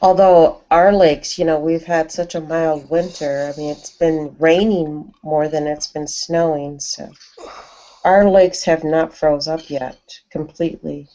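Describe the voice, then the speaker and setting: A woman's voice: sits low, steady tone, measured pace, dark tone. A woman from Minnesota chatting casually on an online panel, with plenty of "you know" fillers. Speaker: panel guest. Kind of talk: casual chat. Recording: dull lo-fi online call audio.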